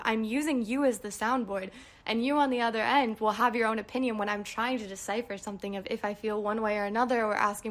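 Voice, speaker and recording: A woman's voice: on the high side, a bit bright. Chatty young woman podcast host. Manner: chatty, answering listener questions, enthusiastic. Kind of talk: casual solo podcast monologue.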